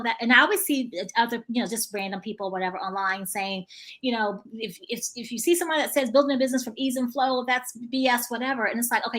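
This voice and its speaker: A woman hosting a podcast interview, telling stories in a lively way and acting out the dialogue. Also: on the high side, a little fast. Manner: animated storytelling, acting out dialogue. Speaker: podcast host. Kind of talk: casual conversational interview.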